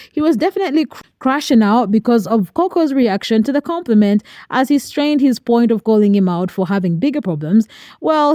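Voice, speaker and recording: Woman narrator for a gossip recap; higher voice, mellow tone, dry close sound. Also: no room sound. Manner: steady, explanatory gossip recap. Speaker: commentary narrator. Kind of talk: scripted narration.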